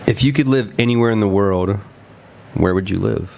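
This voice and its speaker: A man co-hosting a podcast, asking quick questions in casual chat and laughing often. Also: fairly low pitch, gravelly, a little mellow, a little hiss or hum. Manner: upbeat, chatty, laughs often. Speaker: podcast co-host asking rapid-fire questions.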